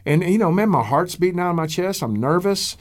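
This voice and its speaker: A man's voice: high-pitched, expressive. American pastor guy, middle-aged, earnest, lots of ums and restarts. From United States. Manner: earnest, halting with fillers and repeats. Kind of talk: interview storytelling.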